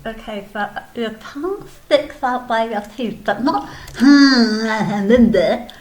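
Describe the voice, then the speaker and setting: High-voiced, patient kindergarten teacher. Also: female voice, slow. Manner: patient, gently explaining, sing-song. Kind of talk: children's video lesson. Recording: echoey room, faint background ambience.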